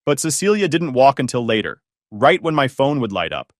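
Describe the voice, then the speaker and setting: A man tells a first-person drama story, his voice moving up and down in animated, expressive sweeps. He sits at middle pitch, and the recording is close and dry with no room echo. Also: a little fast. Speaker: story narrator.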